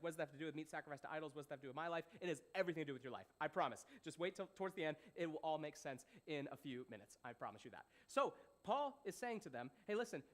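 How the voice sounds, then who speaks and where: Young male pastor, high voice, lively casual sermon delivery. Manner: animated, playful, asks the audience questions.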